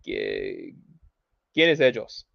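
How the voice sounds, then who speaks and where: A man's voice: very deep voice, wildly swooping pitch, slow pace, gravelly, no echo. Profane ranting man on a lo-fi stream. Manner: profane, rambling, heated; mixes in Spanish phrases. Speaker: livestream host. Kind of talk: ranting livestream commentary. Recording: dull lo-fi home mic.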